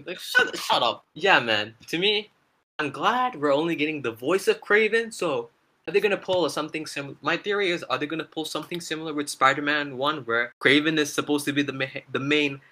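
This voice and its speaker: An enthusiastic man co-hosts a relaxed gaming chat. His voice is bright and eager, and he talks with excited fan energy. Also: on the high side, fairly quick. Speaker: gaming channel co-host.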